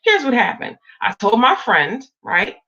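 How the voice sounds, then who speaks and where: A woman in her thirties telling a dramatic personal story in an animated, casual vlog. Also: on the high side, measured pace, slightly rough. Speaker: vlogger. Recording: dull lo-fi audio.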